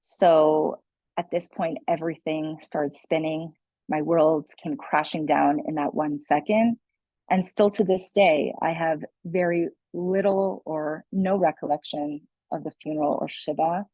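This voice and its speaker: A woman's voice: low-pitched, steady tone, a little slow, dark tone, no room sound, rough recording. A young adult woman, a guest speaker, telling her personal story in a candid, earnest way with many "like" and "you know" fillers. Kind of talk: personal testimony in a conversation.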